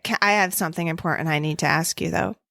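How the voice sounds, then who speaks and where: A woman's voice: fairly low pitch, creaky, pushed and bright, no room sound, clean studio sound. A woman co-hosting a podcast, chatting playfully and teasing over a video call. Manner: playful, teasing, quick with jokes. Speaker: podcast co-host. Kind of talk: casual chat.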